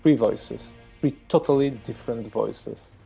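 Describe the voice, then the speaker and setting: Slow, halting game master with a Polish accent. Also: male voice, mid-range voice, creaky, mellow, breathy edge, soft background music. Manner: hesitant, many fillers, searching for words. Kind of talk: narrating a tabletop horror game.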